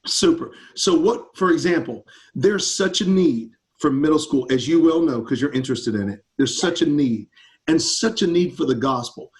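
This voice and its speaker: A man's voice: fairly high pitch, lively intonation, normal speed. A man, a campus ministry pastor answering students' questions in an enthusiastic, upbeat casual chat over a video call.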